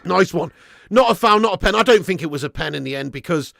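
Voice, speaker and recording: Fan channel guy doing a live match watch-along, gravelly and kinda high, shouts at the ref then mumbles, dry close mic. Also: quick pace, dry recording. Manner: excitable, yells at the referee, then drops to low muttering; swears and chats with live viewers.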